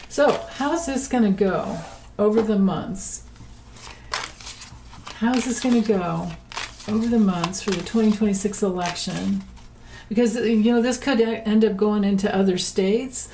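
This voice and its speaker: A woman's voice: medium pitch, takes it slowly, pauses often, dark tone, low-quality recording. A woman giving a casual political tarot reading, chatty and rambling, often laughing between points. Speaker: tarot reader.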